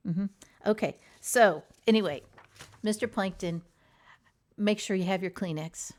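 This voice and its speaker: A woman's voice: mid-range voice, darkish tone. A woman hosting a casual, rambling chat show, talking loosely with frequent laughs, sighs and fillers. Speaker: host. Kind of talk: casual chat about TV dramas.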